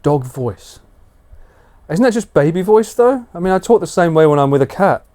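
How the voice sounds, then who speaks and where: A man streaming live from home late at night, chatting casually and slipping into high sing-song baby talk for a dog. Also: lively intonation, moderate pace, dark tone.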